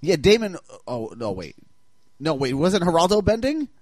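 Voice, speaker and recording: A man's voice: a little high, big pitch swings, moderate pace, a little mellow, dry recording. A man hosting a podcast in casual chat, playful and mock-enthusiastic, often acting out the scenes he recaps. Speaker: podcast host.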